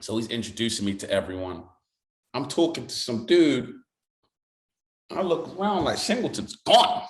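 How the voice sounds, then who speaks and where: A man with a British accent, an actor guest telling an animated story in conversation. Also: mid-range voice, moderate pace, pauses often, echoey room. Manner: lively storyteller who slips into voices.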